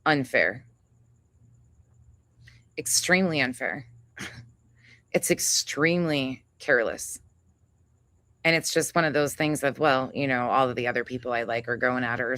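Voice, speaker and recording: A woman's voice: very deep voice, measured pace, pauses often, fairly bright tone, no echo. A woman hosting a livestream, ranting angrily and with heavy profanity, calling out another creator and reading chat names aloud. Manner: angry, profane, confrontational. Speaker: livestream host. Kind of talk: heated livestream rant.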